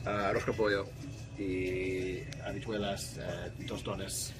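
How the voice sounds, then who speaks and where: A man's voice: low-pitched, level tone, unhurried, over music. A man from Puerto Rico, a friend on the trip, chatting casually and explaining things in an easygoing way. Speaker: guest friend. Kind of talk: casual chat.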